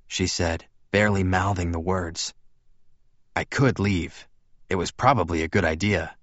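A man reading a novel aloud in first person, calm and restrained. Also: sits low, measured pace, dry recording. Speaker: audiobook narrator. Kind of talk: first-person fiction narration. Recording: slightly dull dry studio recording.

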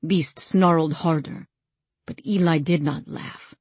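A woman narrating a story in the first person with a measured, deliberate reading. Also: low voice, fairly even intonation, a little mellow, slightly rough, dry recording. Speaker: audiobook narrator.

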